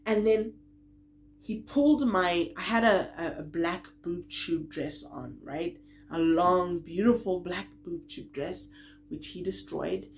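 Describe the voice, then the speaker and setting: A woman's voice: fairly low pitch, takes it slowly, a little hiss or hum. A young woman vlogger telling a personal story, acting out the quoted lines and laughing as she goes. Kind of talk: storytime vlog.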